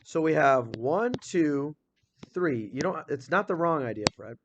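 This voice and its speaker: Against a noisy background and dull audio, a fairly high-pitched male teacher leads an energetic, upbeat grammar lesson. He fires questions at the class and reads example sentences out slowly.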